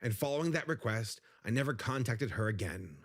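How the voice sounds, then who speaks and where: A man narrating a prerecorded video, recounting events in a measured, deliberate way. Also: medium pitch, animated.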